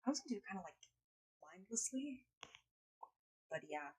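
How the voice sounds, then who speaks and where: A woman's voice: medium pitch, sing-song, normal speed, a little mellow, slightly rough, low-quality recording. A woman live streaming in casual chat, playful and blunt, swearing freely, speaking English as a second language. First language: not English.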